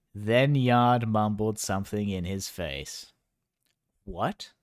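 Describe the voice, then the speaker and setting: On a stream, a man with a mid-range, darkish voice reads a novel aloud and keeps stopping to mock it with dry sarcasm. He speaks at an unhurried, drawn-out pace and drifts off into long, rambling tangents.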